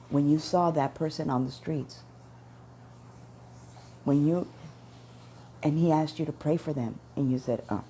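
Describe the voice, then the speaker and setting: A woman's voice: deep voice, mellow, slight background noise. A woman telling a personal religious testimony in an earnest, repetitive storytelling way, quoting her prayers. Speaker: testimony speaker.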